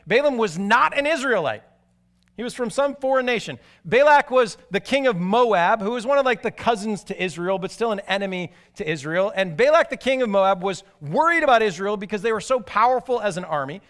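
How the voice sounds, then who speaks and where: A man preaching a sermon, telling stories animatedly and moving from excited to hushed and grave. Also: high voice, a little fast. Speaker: pastor.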